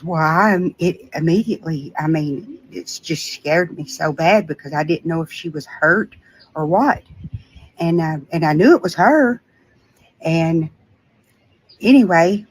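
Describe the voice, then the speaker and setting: A woman's voice: low-pitched, slightly rough, low-quality recording. An older woman, earnestly telling a frightening story in a casual recorded video. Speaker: scam victim telling her story.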